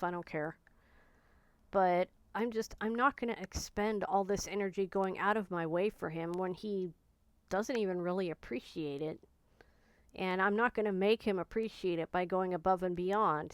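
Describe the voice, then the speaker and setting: A woman confides to her camera in a candid, rambling way, weighed down by grief and short on energy. Her voice is smooth and clean, recorded close and dry with no room sound. She talks plainly and from the heart, full of fillers. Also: medium pitch, dry recording. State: grieving, low on energy. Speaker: vlogger. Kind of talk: personal vlog confiding.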